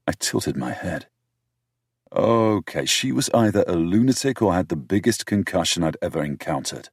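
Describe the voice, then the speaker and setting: A male audiobook narrator with a very deep, husky voice reads a first-person romance in a dry, measured way, dropping wry asides. His delivery rises and falls with plenty of lively melody, and the close studio recording sounds completely dry. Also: no echo.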